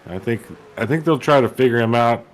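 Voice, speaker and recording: A man's voice: medium pitch, brisk. A man doing color commentary on a sim race, easygoing and joking with his booth partners.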